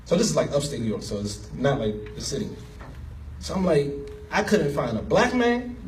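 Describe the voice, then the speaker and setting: A man giving an animated, emotional personal story as a speaker at an event, laughing as he talks. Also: fairly high pitch, moderate pace, distant mic, slight background noise. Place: event hall.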